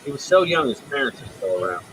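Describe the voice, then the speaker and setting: A man hosting a casual live stream, blunt and profane in his commentary. His voice rides a wide, animated range of pitch while he stumbles through restarts and retells events with energy. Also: quick pace, slight background noise, rough recording. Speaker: livestream host.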